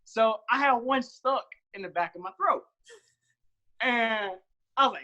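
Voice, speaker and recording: A young man in his twenties, a podcast guest, telling animated stories and acting out his own quotes in casual chat. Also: extremely high pitch, a little slow, pauses often, lo-fi sound. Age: 20s.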